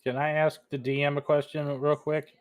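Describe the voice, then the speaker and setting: A man's voice: a little high, flat delivery, moderate pace. A man playing a tabletop game, joking around and asking the game master questions. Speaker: player. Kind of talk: casual tabletop game chat.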